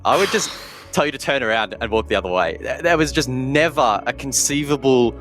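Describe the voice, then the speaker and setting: A man's voice: medium pitch, animated, a little fast, a bit bright, faint music behind. A man giving analytical colour commentary on an esports match. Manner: analytical, then incredulous. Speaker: esports caster.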